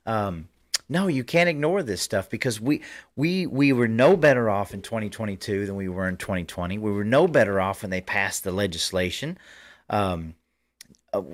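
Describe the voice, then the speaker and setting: A man hosts a political commentary livestream from his desk mic. His voice sits on the low side, and he talks fervently, rambling and restarting his sentences as he goes. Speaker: host.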